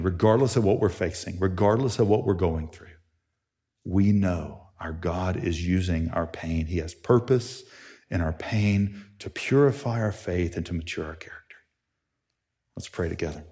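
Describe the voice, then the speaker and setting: A man preaching a sermon as pastor, telling a family story, his voice climbing in excited stretches and falling to soft, near-whispered ones. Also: sits low. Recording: long hall reverb.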